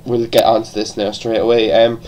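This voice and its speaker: A man's voice: fairly low pitch, level tone, fairly quick, noisy background. Rambling Irish man reviewing casually. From born in England, raised partly in Ireland. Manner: rambling, with frequent restarts and casual swearing. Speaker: wrestling show reviewer.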